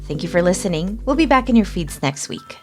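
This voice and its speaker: A woman's voice: fairly low pitch, very animated, fairly quick. Friendly woman hosting over music. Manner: friendly, encouraging interviewer. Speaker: podcast host. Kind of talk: hosted interview and narration.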